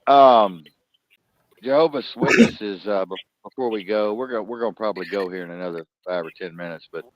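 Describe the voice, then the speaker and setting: A man's voice: on the low side, brisk, dry recording. Man, rambling, chatty, casual storytelling, dull lo-fi sound. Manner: rambling, chatty, lots of "you know". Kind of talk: casual chat.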